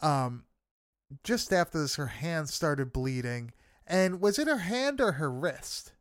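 A man's voice: on the high side, sing-song, slow pace, no room sound, clean studio sound. A man in casual chat, recapping a film with friends, swearing freely and laughing often. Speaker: podcast co-host recapping a film.

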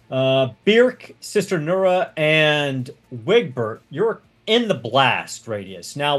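Slow-talking male game master. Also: on the high side. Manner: unhurried, explains rules step by step. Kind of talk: narrating a tabletop game.

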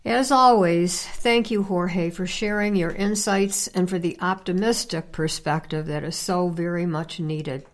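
Measured woman podcast host, lowish voice. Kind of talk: scripted podcast hosting.

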